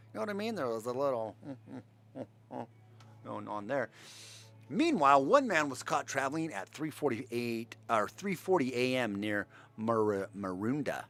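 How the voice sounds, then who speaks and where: A man's voice: mid-range voice, a bit bright. Brief: sarcastic male livestream host, mocking and rambling, voice rising and falling a lot. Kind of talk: sarcastic commentary rant.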